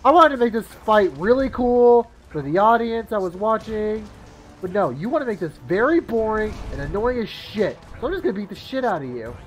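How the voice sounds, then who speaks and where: A man's voice: high voice, big pitch swings, normal speed, rough recording. Male streamer, live game commentary, cursing, music behind. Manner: swears a lot, yells in frustration. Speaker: gaming streamer.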